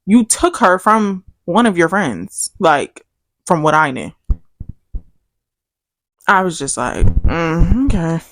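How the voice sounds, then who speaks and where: A woman's voice: slow pace, long pauses, slight background noise. A young woman co-hosting a podcast, telling a story casually and acting out the quoted lines. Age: young adult. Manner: animated storytelling, acts out quotes with big pitch jumps. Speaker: podcast co-host. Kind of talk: casual chat.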